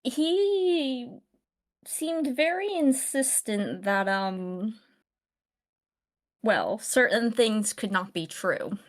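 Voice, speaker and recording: A woman's voice: fairly high pitch, lively intonation, extremely slow, long pauses. A woman playing a tabletop game, hesitant and thinking aloud as she works out her rolls. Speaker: player.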